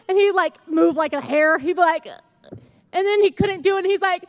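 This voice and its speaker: A young woman preaching a sermon in a church, chatty and animated, acting out little stories as she goes. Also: extremely high pitch, normal speed.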